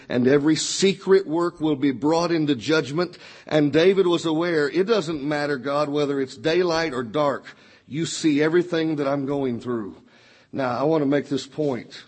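A man with a fairly high, husky voice delivers a sermon. He climbs in pitch when quoting scripture and sinks low and quiet when he turns personal. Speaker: preacher.

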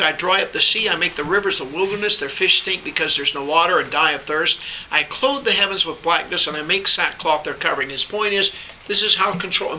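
A man's voice: a little high, creaky, pushed and bright, slight background noise, poor audio. A man teaching a Bible class, reading scripture aloud and then explaining it in loose asides, often checking in with the class. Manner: checks in with the class by asking "all right?".

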